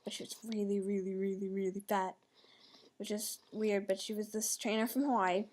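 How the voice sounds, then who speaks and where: A woman's voice: mid-range voice, level tone, normal speed, a little mellow. A teenage girl rambling through a casual vlog, chatty and giggly, with a lot of "like". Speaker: vlogger.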